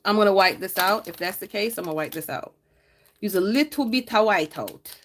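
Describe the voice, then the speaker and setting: A chatty woman talks to her live chat while she plans. She teases viewers and laughs easily, and her pitch swings up and down. Her voice sits in an ordinary middle range. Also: brisk, slight background noise. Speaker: planner vlogger reading live chat.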